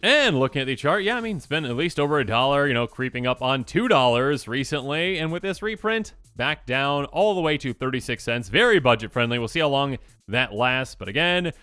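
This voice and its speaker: Lively, chatty man rambling about cards. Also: medium pitch, brisk, clean tone, dry recording, faint music behind. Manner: rambling, filler-heavy, animated. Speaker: host of a card game budget channel. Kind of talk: casual chat, talking through card prices.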